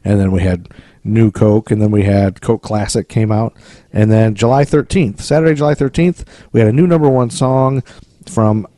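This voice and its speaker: A man's voice: on the low side, moderate pace, warm tone, dry recording, clean studio sound. An American man co-hosting a podcast in a casual, joking, rambling chat. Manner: joking, rambling, breaks into goofy accents and singing. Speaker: podcast co-host.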